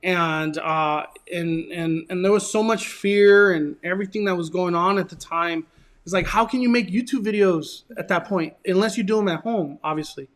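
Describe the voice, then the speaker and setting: A man's voice: sits high, moderate pace, a bit bright. A man from Southern California, hosting his channel and earnestly telling a rambling, emotional personal story in casual chat. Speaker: channel host.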